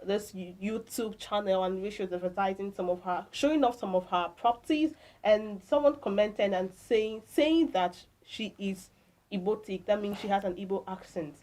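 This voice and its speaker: A woman's voice: medium pitch, normal speed, darkish tone, low-quality recording. A woman with a Nigerian accent co-hosting a morning radio show, chatting casually and reading out tweets with her own opinions. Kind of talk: casual breakfast show chat.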